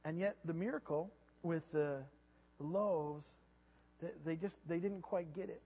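A pastor preaching a sermon, animated and repeating his words, sometimes acting out voices. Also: on the high side, measured pace, breathy edge. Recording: dull lo-fi sound with long hall reverb.

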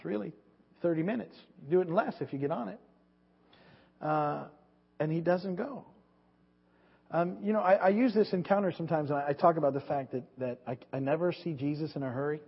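Guy giving a sermon, kinda husky voice, keeps restarting words, long echo, muffled lo-fi sound. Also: on the high side, fairly quick, long pauses. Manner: rambling, self-interrupting with repeated words. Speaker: pastor. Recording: dull lo-fi recording with long hall reverb.

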